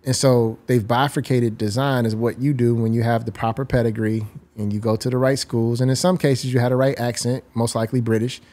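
A man's voice: medium pitch, level tone, a little fast, hardly any pauses, warm tone. A man in his forties, a guest designer, explaining his views at length in an interview. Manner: articulate, explains ideas at length. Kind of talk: reflective interview talk.

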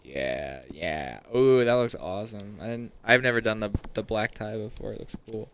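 With a fairly low, clean, slightly bright voice at normal speed, a young man rambles casually while gaming on stream. It's chatty let's-play talk aimed mostly at himself.

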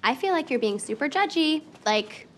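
A vain, clueless young blonde speaks in a nasal valley girl drawl full of fry. Her pitch is a bit high and bounces around a lot. Soft music sits behind her. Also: lively intonation, normal speed. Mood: chirpy. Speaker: film character.

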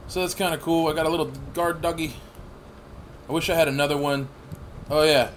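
A man in his thirties giving rambling, profane gameplay commentary with sudden excited outbursts. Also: a little high, a little fast, a little hiss or hum. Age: 30s. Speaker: gaming channel host.

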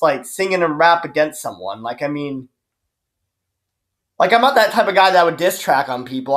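Here a YouTuber delivers a cursing, sarcastic vlog rant, rambling and restarting along the way. His voice is on the high side with a fairly bright tone.

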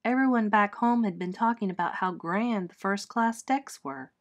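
A woman teacher reading a children's chapter book aloud with clear, expressive storytelling. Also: on the high side, moderate pace.

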